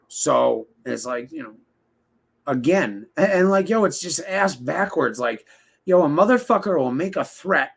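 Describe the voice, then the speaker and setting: A man's voice: a little high, creaky, fairly bright tone, husky. A man giving a casual interview, rambling and heated, swearing often and mimicking other people in quoted voices. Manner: profane, rambling, heated, many fillers and restarts.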